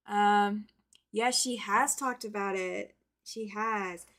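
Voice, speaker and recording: A woman hosts a live stream in a casual, chatty way. She talks loosely and upbeat at a middle pitch, greeting viewers by name as she goes. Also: fairly even intonation, slow, a bit bright. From American South. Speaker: quilting livestream host.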